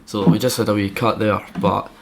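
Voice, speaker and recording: A man's voice: on the low side, flat delivery, brisk, gravelly, heavy background noise. A Scottish man co-hosting a podcast, chatting casually and swearing a lot as he rambles. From Scotland. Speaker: podcast co-host. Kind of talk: casual chat.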